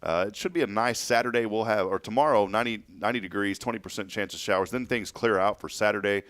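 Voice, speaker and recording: A man's voice: on the low side, fast, no room sound. A man hosting a casual morning radio show, joking and laughing easily while reading the weather. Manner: lively, jokey, laughs often.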